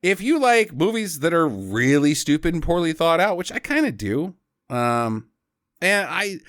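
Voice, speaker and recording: A man hosting a podcast in casual chat, animated and joking, with silly sound effects. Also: a little high, measured pace, no echo, clean studio sound. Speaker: podcast host.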